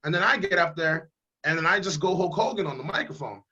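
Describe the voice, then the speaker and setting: A political candidate speaks in a high, bright and slightly husky voice. He talks emphatically and bluntly, pushing his points with fiery conviction. The sound is dull and lo-fi, as on a video call. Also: expressive, fast. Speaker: congressional candidate. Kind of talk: casual interview over video call.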